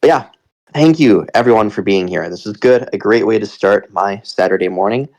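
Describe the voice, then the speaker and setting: A Canadian man hosting a casual community town hall, relaxed and jokey, rambling a little as he talks into a computer mic. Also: fairly low pitch, normal speed. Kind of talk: casual live audio chat.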